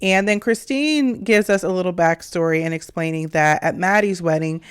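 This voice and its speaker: A woman co-hosting a TV recap show, calmly retelling events and giving her view in a steady way. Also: fairly low pitch, moderate pace, clean tone, no room sound, clean studio sound. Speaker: co-host recapping a TV episode. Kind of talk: casual recap chat.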